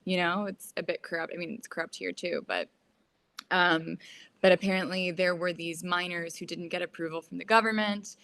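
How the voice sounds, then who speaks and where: A woman guest in a casual chat, relaxed and trailing off as she talks. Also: fairly low pitch, moderate pace, gravelly, no room sound.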